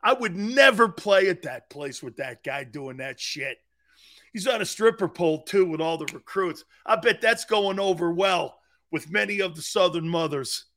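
Brash, high-voiced male sports talk host. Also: animated, normal speed, fairly bright tone. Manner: brash, boisterous, laughs often.

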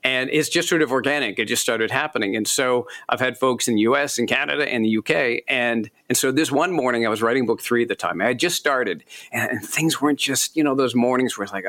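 Man, author guest, animated storyteller, self-deprecating, laughs a lot. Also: medium pitch, brisk, hardly any pauses. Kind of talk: casual interview chat.

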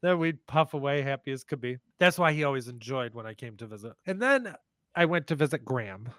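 A man hosting a podcast, telling family stories in a casual, animated, profane way. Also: medium pitch, fairly quick, no echo. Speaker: podcast host. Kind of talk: casual storytelling.

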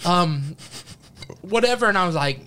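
A man's voice: high-pitched, moderate pace, smooth. A young man hosting a casual podcast, telling a story with lots of swearing and acted-out quotes. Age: young adult. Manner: profane, animated storyteller acting out quotes.

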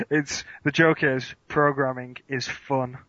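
A man guests on a casual podcast and answers quick-fire questions with dry, deadpan jokes. His voice is mid-pitched and sounds close and dry. The audio is dull and lo-fi. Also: dry recording. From England.

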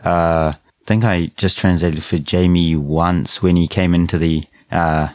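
Deep-voiced easygoing male podcast host. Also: fairly even intonation, measured pace, a little mellow, no echo. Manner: easygoing, hesitant with many "um" and "uh" fillers. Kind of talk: casual chat.

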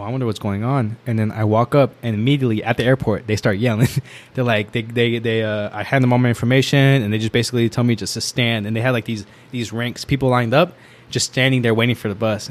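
A young man casually telling a rambling, filler-heavy story as a podcast guest, often laughing as he talks. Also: fairly low pitch.

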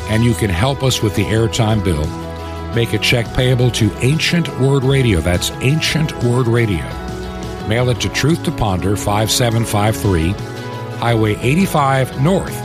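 A male radio host making an earnest appeal to listeners, repeating contact details carefully. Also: mid-range voice. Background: music bed underneath.

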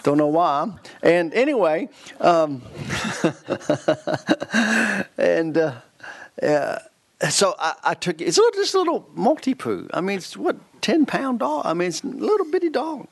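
A man's voice: sits high, very animated, unhurried, gravelly. A man in his fifties, a guest preacher telling a story in a sermon, laughing often and restarting his sentences. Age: 50s.

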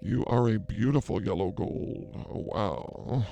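A man's voice: fairly low pitch, unhurried, vocal fry, warm tone, highs cut off. A man playing a brash, flirty fake psychic healer in a comedy sketch, rambling through crude banter. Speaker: comedy show host.

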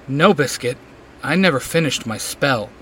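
A man's voice: mid-range voice, animated, moderate pace, close to an everyday voice. A man voicing a solemn, protective male warlock in a storybook reading. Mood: grave. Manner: solemn, then crying out.

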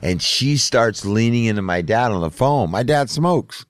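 A man's voice: medium pitch, lively intonation, normal speed. A middle-aged man telling a story in casual podcast chat, laid-back and profane. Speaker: podcast host.

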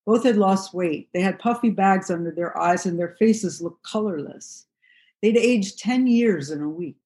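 A woman reads a first-person memoir aloud, her voice sitting in a middle pitch. She tells it in a steady, measured way, unhurried and even. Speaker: narrator.

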